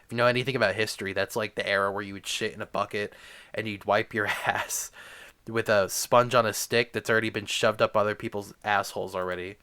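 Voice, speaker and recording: A man's voice: lowish voice, fairly even intonation, fairly quick, sharp tone, clear, resonant tone. A young man delivering a crude, rambling comedy rant packed with swearing and filler words. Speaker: comedic ranter.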